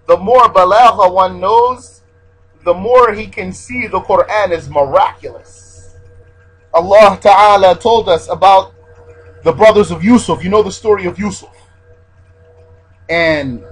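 A man's voice: high voice, a bit bright, slightly rough, rough recording. A man teaching a religious lesson, repeating his key points and stressing Arabic terms as he explains.

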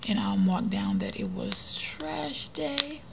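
A woman chatting casually while decorating her planner for a vlog, often dropping to a soft near-whisper. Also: high-pitched, huge pitch swings, slow pace, gravelly, background noise. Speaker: planner vlogger.

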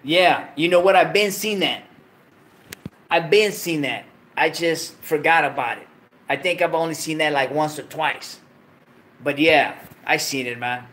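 Hosting a late-night livestream, a man with a slightly high, fairly bright voice talks at an unhurried pace. His casual talk is loaded with slang and profanity, and he jokes between laughs.

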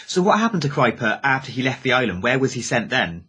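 A man's voice: mid-range voice, big pitch swings, fast, sharp tone, slightly rough. A man hosting a podcast, asking a short direct question a little off-mic. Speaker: podcast host. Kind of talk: interview question.

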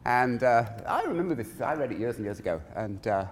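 Animated man giving a keynote in a hall. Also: mid-range voice, brisk, slight background noise. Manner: animated, conversational, digressive. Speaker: keynote speaker. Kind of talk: conference keynote talk. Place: large conference hall. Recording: long reverb of a conference hall.

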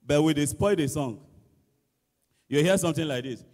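A Nigerian man doing animated stand-up comedy in Pidgin and English, acting out school songs and shouted lines. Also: on the high side, moderate pace. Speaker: comedian contestant. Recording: reverberant church hall.

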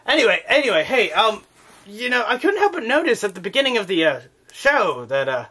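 A man's voice: sits high, big pitch swings, brisk, bright, forceful tone, husky, heavily acted. A man voicing a crude, cheeky crocodile guest on a comedy vlog, with a put-on Australian accent and mock-offended banter.

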